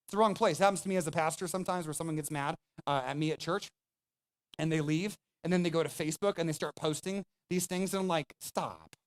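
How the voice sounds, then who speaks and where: A man's voice: on the high side, steady tone, quick pace. A man pastor preaching a sermon, speaking emphatically and conversationally, addressing the congregation directly.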